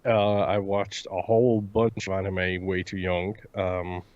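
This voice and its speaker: Low-voiced, dry male co-host. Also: monotone, measured pace, a little mellow. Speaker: podcast co-host. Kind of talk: casual chat. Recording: dull lo-fi sound.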